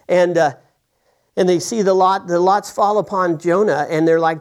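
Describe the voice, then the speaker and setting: A man's voice: high voice, fairly even intonation, a little slow, darkish tone. A man preaching a sermon, retelling a scripture story casually with frequent restarts and acted-out lines. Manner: conversational storytelling with many restarts, acting out characters' lines.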